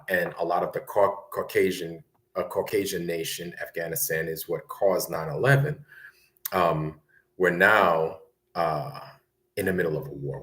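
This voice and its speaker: A very low-pitched man from Brooklyn tells a story in a loose, conversational ramble. He keeps checking in with his listener as he goes, in the easy tone of casual talk. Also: fairly bright tone. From Brooklyn, New York. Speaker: guest recounting military service.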